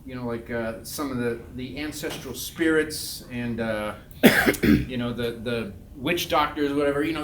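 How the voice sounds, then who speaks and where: A man telling a humorous story in a talk, animated and acting out quotes loudly. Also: medium pitch, measured pace. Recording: roomy, distant mic.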